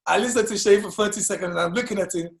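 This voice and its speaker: A Congolese man with a British accent hosting a comedic chat, animated and laughing, often repeating words. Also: high voice, very fast, vocal fry, echoey room. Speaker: host.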